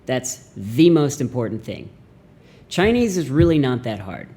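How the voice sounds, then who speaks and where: Youngish guy doing a chill mandarin lesson, mellow voice, animated and goofy. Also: mid-range voice, a little slow. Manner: animated, jokey, acts out mock voices. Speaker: language teacher. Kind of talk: casual video lesson.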